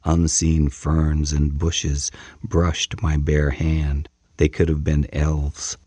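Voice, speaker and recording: A man narrating a first-person story as an audiobook, measured and dramatic. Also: a bass voice, monotone, warm tone, breathy edge, no echo.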